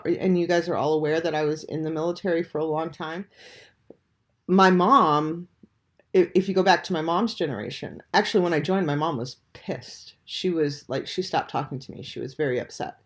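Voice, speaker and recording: Stuffed-up, hesitant vlogger, under the weather. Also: medium pitch. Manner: hesitant, full of ums and restarts. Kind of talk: casual talk to camera. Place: at home at dawn.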